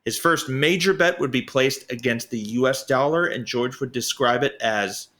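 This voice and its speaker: Man, podcast co-host, scripted narration, sarcastic, bright tense voice. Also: mid-range voice, normal speed. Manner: reads prepared script with sarcastic asides. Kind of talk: casual history podcast narration.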